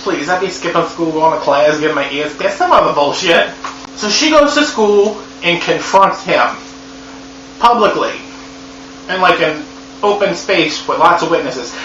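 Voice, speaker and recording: A man reviewing a movie in a sassy, profane, animated comedy recap. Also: sits high. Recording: echoey room, dull lo-fi sound, faint hum.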